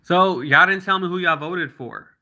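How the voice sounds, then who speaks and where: Bright-voiced man chatting on a livestream. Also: high-pitched. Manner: chatty, reads out viewer comments and answers them; slows down to spell out links. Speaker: livestream host. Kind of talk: casual livestream chat with viewers.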